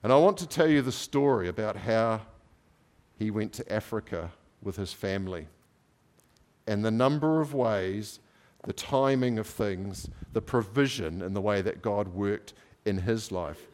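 A man preaching a sermon, telling a story with lively swings in pitch and loudness and acting out the people in it. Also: measured pace. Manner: animated storyteller acting out voices.

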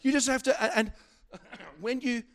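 A middle-aged man preaching a sermon, swinging from loud exhortation to quiet asides, with stammering restarts. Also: extremely high pitch, measured pace.

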